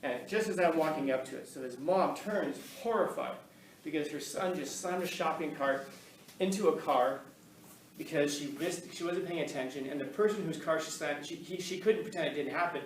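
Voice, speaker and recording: Man, rambling casual talk to an audience, fairly high voice, echoey room, distant mic. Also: normal speed, slight background noise. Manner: rambling, conversational, with frequent laughs and restarts. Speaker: speaker giving a talk. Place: room with an audience, recorded on camera.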